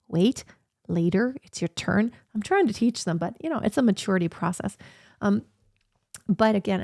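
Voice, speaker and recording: A woman's voice: medium pitch, creaky, warm tone, no room sound, studio quality. A woman in her thirties chatting casually and reflectively on a sit-down livestream from her home office, with lots of fillers. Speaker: vlogger.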